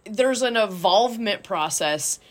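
A woman coach telling a story in casual chat, animated and acting out quotes with lots of "like". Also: mid-range voice, unhurried.

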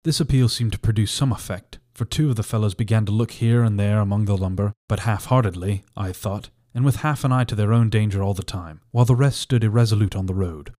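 A man narrating a classic adventure novel as an audiobook reader, in a measured, steady way. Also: on the low side. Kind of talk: scripted narration.

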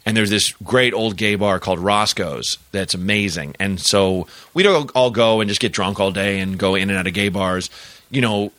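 A man's voice: lowish voice, normal speed, dry recording. A middle-aged male comedian chatting casually as a podcast guest, telling stories and acting out the people in them. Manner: animated storyteller acting out quoted people.

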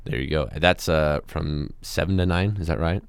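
A young man co-hosting a casual campus talk show, rambling and breaking into loud chanted cheers. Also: rumbling low, moderate pace, gravelly, smooth, no echo. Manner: rambling, yells cheers loudly. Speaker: co-host. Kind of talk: casual chat.

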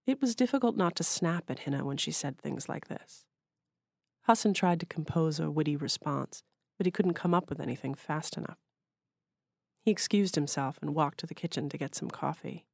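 Woman author reading her own fiction: measured, even delivery, low gravelly voice. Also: dry recording, studio quality. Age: adult.

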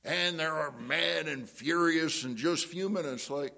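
A middle-aged man preaching a sermon, telling a story and acting out the voices in it with big jumps up in pitch. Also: slow, vocal fry, few pauses. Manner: animated storytelling, jumps high to act out quotes. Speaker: pastor. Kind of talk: sermon with acted-out anecdote.

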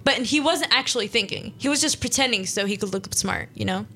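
A young woman hosting a small radio show, reading her own interactive story aloud in a playful, quick way. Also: medium pitch, lively intonation, sharp tone, faint music behind. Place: small studio.

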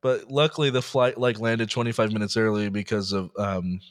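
A man's voice: lowish voice, fairly even intonation, moderate pace. A man co-hosting a podcast, casually recounting odd news stories, laughing often and slipping into mock voices. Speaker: podcast co-host.

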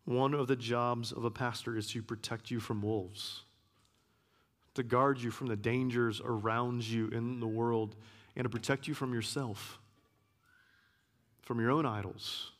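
A man giving a sermon as a guest preacher, earnest, repeating key phrases and sometimes dropping to a hush. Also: medium pitch, steady tone, measured pace. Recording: long hall reverb.

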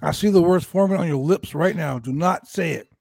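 A man's voice: on the high side, brisk, gravelly, mellow, no room sound, studio quality. A man co-hosting a casual wrestling chat, blunt and profane with playful exaggeration. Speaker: podcast co-host.

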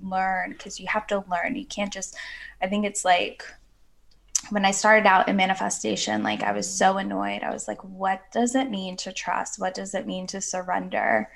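A woman's voice: medium pitch, moderate pace, gravelly, a bit bright. A woman talking earnestly and at length as a guest on a podcast, with many fillers. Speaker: podcast guest, women's coach. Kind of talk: casual podcast chat.

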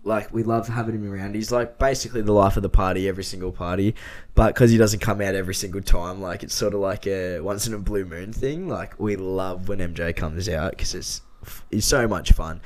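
A man's voice: low-pitched, steady tone, a little fast, a little mellow. Tipsy Australian man, giggly host. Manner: giggly, crude, joking. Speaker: podcast host. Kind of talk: casual chat.

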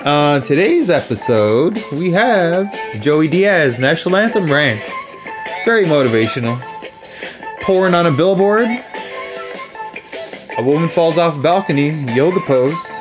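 A man's voice: a little high, expressive, unhurried, music in the background. A man hosting a podcast, introducing the episode in a loose, chatty way. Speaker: podcast host.

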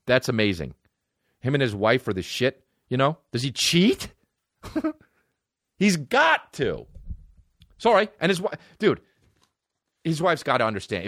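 A man's voice: mid-range voice, a bit bright, no echo, clean studio sound. A man hosting a comedy podcast, ranting casually in a profane, rambling way and slipping into made-up dialogue. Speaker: podcast host.

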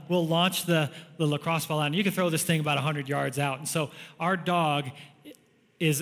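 A man's voice: fairly high pitch, fairly bright tone. Man preaching in a reverberant hall. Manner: conversational, storytelling with frequent chuckles. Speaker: pastor. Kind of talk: sermon.

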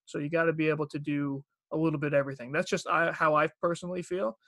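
A man, guest voice actor on a podcast, talking in a relaxed, rambling way full of fillers. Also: on the high side, quick pace, no echo, studio quality. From Long Island, New York. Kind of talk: casual podcast chat. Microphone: podcast microphone.

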